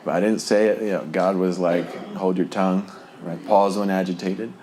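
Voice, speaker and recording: A man's voice: sits low, fairly even intonation, moderate pace, background noise. A man from New Jersey telling his recovery testimony in a rambling way, with many fillers and frequent chuckles. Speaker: speaker sharing a recovery testimony. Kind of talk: personal testimony storytelling.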